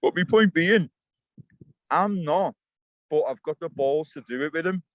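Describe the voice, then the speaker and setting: A man's voice: a little high, measured pace, no room sound, highs cut off. Blunt, swearing man. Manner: blunt, swearing straight talker. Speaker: interview guest. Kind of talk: heated interview rant. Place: outdoors by water, fishing.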